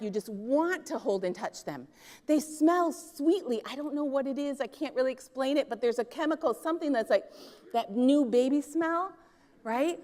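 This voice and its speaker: A woman's voice: high-pitched, a little mellow. A middle-aged woman from Minneapolis giving a conference keynote, telling stories and often asking the audience "right?". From Minneapolis, US Midwest. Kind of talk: keynote talk. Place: conference hall stage. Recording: large hall with long reverb.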